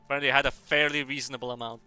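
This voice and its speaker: A man from Russia with a mixed Russian, French and English accent, chatting playfully while streaming a game, rambling with bursts of excitement. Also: mid-range voice, rapid-fire, clean tone, soft background music. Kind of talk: casual gameplay commentary.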